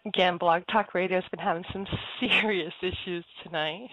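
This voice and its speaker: A woman's voice: lowish voice, steady tone, moderate pace, hardly any pauses, heavy background noise. A woman hosting an internet radio show, chatty and apologetic, laughing easily as she talks. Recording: dull lo-fi audio, dry.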